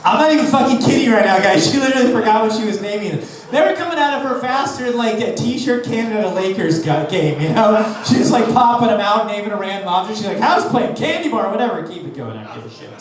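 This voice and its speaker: A man's voice: sits high, animated, fast. A man from Los Angeles doing a stand-up comedy set, brash and profane, mocking himself in his punchlines. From Los Angeles, USA. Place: live comedy venue with audience. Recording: echoey room, distant mic, audience laughter.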